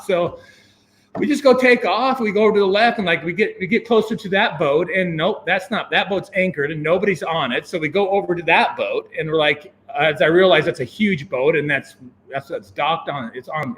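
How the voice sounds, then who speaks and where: A man telling a long personal story as an interview guest, animated and full of fillers and chuckles. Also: on the high side, slight background noise. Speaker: guest, venture capitalist. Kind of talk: casual anecdote telling.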